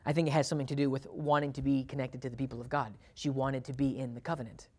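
A man's voice: medium pitch, flat delivery, quick pace, darkish tone. A man teaching a Bible sermon in a conversational way, laughing often and acting out quotes with a lifted voice. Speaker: preacher.

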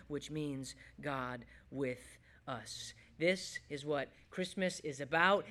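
A pastor preaches a sermon to his congregation, his voice sitting high for a man as he alternates between loud emphasis and quiet, hushed lines.

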